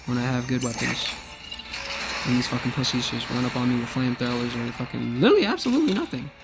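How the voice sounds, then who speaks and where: A man's voice: mid-range voice, lively intonation, fast talker, creaky, loud music behind the voice. A young man giving live gameplay commentary, ranting angrily and cursing at the game. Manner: angry profane ranting. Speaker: gamer.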